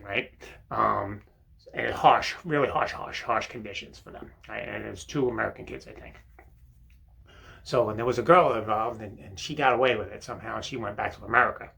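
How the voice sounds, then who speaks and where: A man's voice: lowish voice, creaky, sharp tone. An older man hosting a rambling comic monologue while seated on a toilet in a bathroom, full of fillers and "right?". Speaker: comedy monologue host.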